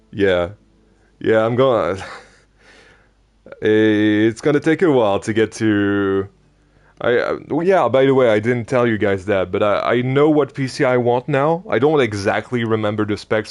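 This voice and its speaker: A man streaming a game, chatting casually and rambling with many hesitations, his voice going a little hoarse. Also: on the low side. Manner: rambling, hesitant, hums tunes softly. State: losing his voice. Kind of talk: casual live-stream chat while playing.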